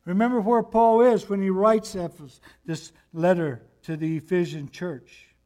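A man preaching a sermon as pastor, swinging from hushed near-whispers to loud emphatic passages, reading scripture slowly and deliberately. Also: high-pitched, fairly even intonation.

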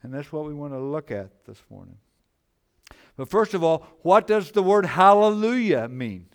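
A man preaching a sermon, slow and emphatic, repeating key phrases and swinging from loud exclamations to hushed, low lines. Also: very animated. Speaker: pastor.

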